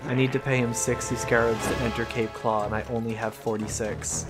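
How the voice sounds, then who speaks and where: A man's voice: mid-range voice, flat delivery, brisk. Joking man narrating gameplay. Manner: joking, mocking the game, laughs often. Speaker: let's play host. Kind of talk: casual gameplay commentary. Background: game music.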